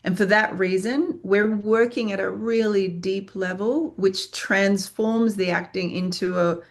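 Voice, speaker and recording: A woman's voice: medium pitch, fairly even intonation, measured pace. Earnest, frank woman acting teacher. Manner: earnest, frank, swears freely, flowing lists. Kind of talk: interview answer.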